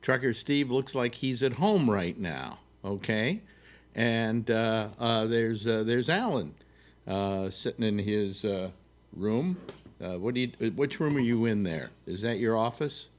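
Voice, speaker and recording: A man's voice: on the low side, a little slow. A man hosting a casual live call-in chat show from his home, rambling with lots of fillers and restarts, joking along the way. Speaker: host. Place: home studio in New York. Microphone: desktop mic, video call.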